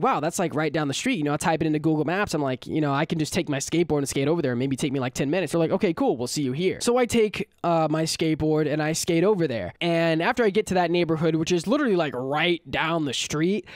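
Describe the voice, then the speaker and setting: A young man casually telling a storytime vlog in a slangy, animated way, laughing at his own bad luck. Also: on the high side, fast talker, no echo, studio quality. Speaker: storytelling YouTuber.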